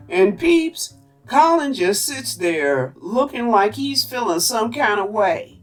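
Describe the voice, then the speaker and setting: A slow, unhurried woman talks straight to her viewers as she recaps an old TV episode. She sounds a little distant from the mic, with faint music behind her. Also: a little high. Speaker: TV review host. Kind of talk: casual review commentary.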